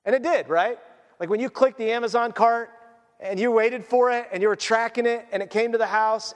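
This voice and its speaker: Male pastor, bright high voice, earnest conversational sermon, long hall reverb. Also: fairly quick. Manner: earnest, conversational preaching with quoted asides.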